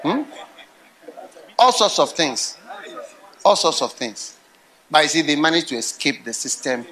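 Middle-aged male pastor, sermon delivery, animated storyteller with a sharp, high voice. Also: measured pace. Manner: animated storytelling that swings to loud laughing outbursts.

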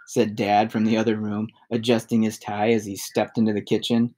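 A man reading a novel aloud in a steady, even narration. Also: lowish voice, moderate pace, hardly any pauses. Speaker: audiobook reader.

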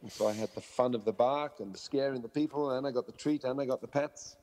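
A man's voice: mid-range voice, fast talker, long reverb tail. A man who works as a dog trainer, telling stories in a podcast interview and acting out the voices of people and dogs. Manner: animated storyteller acting out quoted voices.

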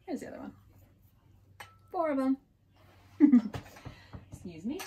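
A woman's voice: medium pitch, a little mellow. A woman talks through her thrift haul in an easy, chatty show-and-tell, gushing over each little find. She is hiccuping now and then, and a faint hiss sits under her voice. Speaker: resale vlogger.

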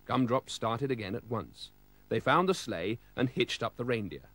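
Male storybook reader, animated pitch, dry close sound. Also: moderate pace, no echo. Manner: lively, expressive storytelling. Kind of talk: storybook read-aloud.

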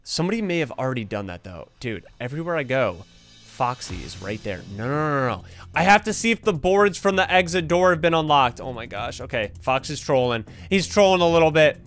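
A man's voice: a little high, lively intonation, fast, a bit bright, faint music behind. A young man hosting his gaming channel, giving jumpy, panicky commentary full of gasps and yelps as he plays. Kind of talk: excited gameplay commentary.

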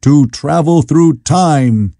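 A man reading the part of an eager, excitable very young Victorian man. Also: a little high, moderate pace, creaky, breathy edge, no room sound, studio quality, pitched above the performer's own voice, full character voice.

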